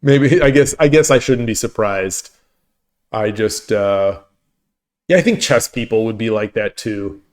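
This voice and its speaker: A man's voice: lowish voice, expressive, a little slow, darkish tone. A man hosting his own stream and chatting casually with viewers, rambling and laughing as he talks. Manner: rambling, full of restarts and laughter. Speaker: streamer and host.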